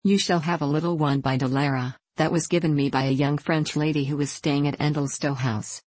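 A woman reading the part of an eager, gentle young woman. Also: deep voice, fairly even intonation, fairly quick, dry recording.

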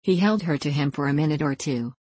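A woman narrating a classic novel as an audiobook in a calm, even reading. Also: low-pitched, fairly quick, husky, no echo.

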